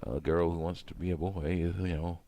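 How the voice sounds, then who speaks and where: A man's voice: deep voice, steady tone, brisk, dark tone, no echo. A man talking casually while working with his hands, rambling and padding his talk with hums of "mm" and "you know", often acting out his own remarks.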